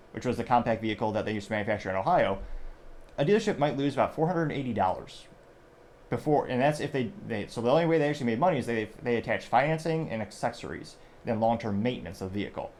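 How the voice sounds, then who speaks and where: A man's voice: mid-range voice, expressive, rapid-fire, a little mellow, a little hiss or hum. A young adult man hosting a show, giving rambling, conversational news commentary and often correcting himself. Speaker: show host.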